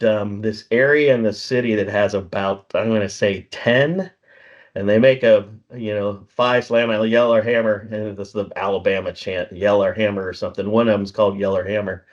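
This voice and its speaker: A middle-aged man co-hosting a podcast in casual chat, a rambling storyteller who chuckles often and acts out bits of dialogue. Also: fairly low pitch. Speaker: podcast co-host. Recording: slightly dull lo-fi recording.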